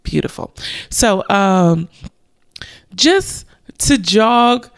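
A young woman hosting a devotional podcast, talking earnestly and encouragingly with slow emphasis. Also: medium pitch, expressive. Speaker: podcast host.

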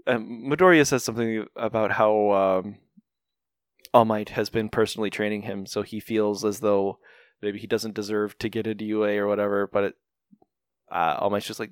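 A man's voice: on the low side, steady tone, moderate pace, smooth, dry recording, studio quality. A man casually recapping an anime episode with a co-host, rambling and joking as he goes. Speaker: podcast co-host.

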